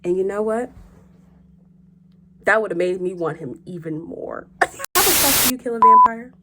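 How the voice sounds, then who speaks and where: Animated, profane young woman vlogger. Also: mid-range voice, moderate pace. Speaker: host. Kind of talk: casual chat.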